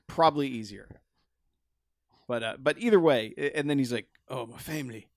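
A man's voice: mid-range voice, moderate pace, no echo, clean studio sound. Stammering man recapping a movie. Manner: animated plot recap with stammered restarts. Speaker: podcast co-host. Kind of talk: casual movie-review chat.

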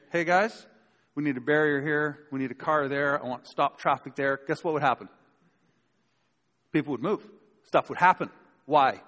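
Speaking in a slightly high, somewhat bright voice, a man delivers a conversational sermon as a pastor, performing the voices of those he quotes. The sound carries a long hall reverb.

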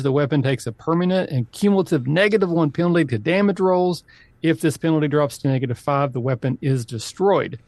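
Male podcast host, casual chat, animated, dry close sound. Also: no echo. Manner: animated, quick laughs, high exclamations. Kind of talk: casual improv game chat.

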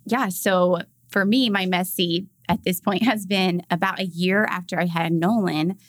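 A woman's voice: lowish voice, fairly even intonation, measured pace, no room sound. A young woman, a mother and podcast guest, telling casual stories and acting out quoted lines with big jumps in her voice.

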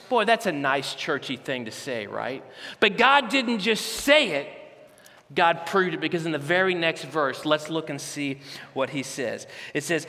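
A man preaching a sermon as a campus pastor, telling a story with animated, conversational asides in a large church auditorium. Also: sits high, normal speed. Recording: reverberant large hall.

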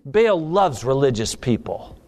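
A man's voice: medium pitch, sing-song, unhurried, warm tone. A man preaching a sermon, dramatic and emphatic, acting out desperate pleas.

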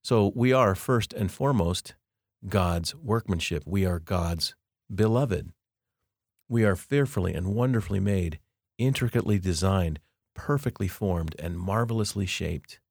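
A man hosting a podcast, giving a reflective devotional monologue with slow, deliberate, emphatic phrasing. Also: sits low, darkish tone, no echo, clean studio sound. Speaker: podcast host.

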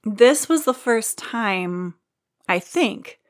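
A woman's voice: fairly high pitch, lively intonation, extremely slow, no echo. Woman podcast co-host, dry close sound. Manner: joking, self-deprecating, swears casually. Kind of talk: casual chat.

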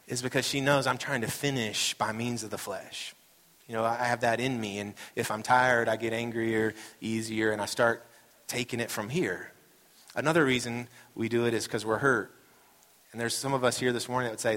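A man's voice: medium pitch, steady tone, normal speed, fairly bright tone. Man preaching casually in an echoing hall. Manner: casual and storytelling, acting out quoted voices. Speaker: pastor. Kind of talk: conversational sermon. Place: church sanctuary. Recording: reverberant hall sound.

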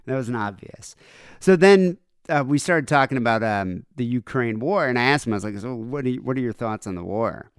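A man's voice: medium pitch, a little fast, clear, resonant tone, no echo, studio quality. A man co-hosting a podcast, telling a story in casual chat and acting out both sides of a conversation. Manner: animated retelling, acts out both sides of a conversation. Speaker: podcast co-host.

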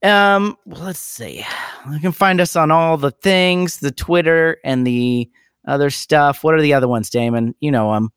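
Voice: medium pitch, a little slow, clean tone, dry recording, clean studio sound. A podcast host chatting casually, rambling and laughing, reading out thanks to supporters. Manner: rambling, laughing, self-deprecating. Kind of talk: casual chat.

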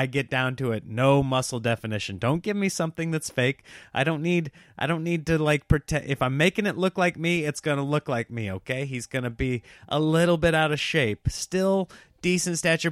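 A man in his thirties, a stand-up comedian, telling animated, self-mocking stories in a casual monologue and laughing at himself. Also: mid-range voice, no room sound, clean studio sound.

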